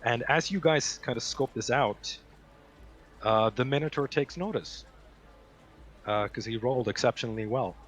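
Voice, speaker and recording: A man narrating a tabletop game as game master in a relaxed, descriptive way. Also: medium pitch, normal speed, long pauses, faint music behind.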